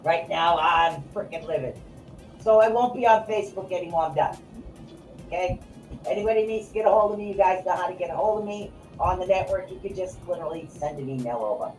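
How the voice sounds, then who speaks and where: A woman's voice: fairly low pitch, brisk, a little mellow. A woman podcast host ranting in anger, swearing and repeating herself. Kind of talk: angry off-the-cuff rant. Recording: echoey room, voice from far off, faint music.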